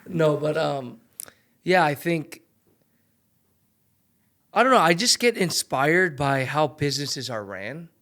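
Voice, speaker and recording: A man's voice: fairly high pitch, animated, slow pace, pauses often, fairly bright tone. A young man, a former pro golfer, chatting as a podcast guest in a loose storytelling way full of fillers. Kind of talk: casual interview chat.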